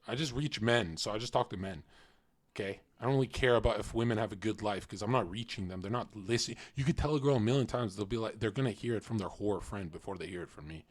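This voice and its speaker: A man's voice: on the low side, quick pace. A young man streaming, giving blunt, mocking reaction commentary and acting out the people he quotes.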